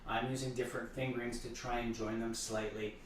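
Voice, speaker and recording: A man's voice: mid-range voice, little pitch movement, a little fast, slight background noise. A man talking through piano pieces as a teacher, thoughtful and restarting words as he explains. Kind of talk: explaining piano repertoire between playing. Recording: echoey room, voice far from the mic.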